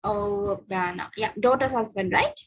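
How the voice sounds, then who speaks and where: Husky Sri teacher. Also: female voice, on the high side, expressive, unhurried, poor audio. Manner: patient, encouraging, mixes in Sinhala and Tamil. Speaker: English teacher. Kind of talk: online spoken English class.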